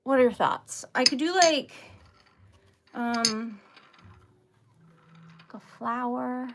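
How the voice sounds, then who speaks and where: Female streamer, slightly high voice, chatty and giggly, crafting live at home. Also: slow pace, slight background noise. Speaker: craft livestream host. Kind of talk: casual chat while crafting.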